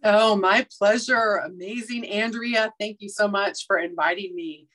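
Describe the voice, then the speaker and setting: A woman's voice: medium pitch, steady tone, a little slow, a bit bright, poor audio. A woman guest on a casual team video call with a polished, radio-actress type voice, speaking in an effusive, gracious way.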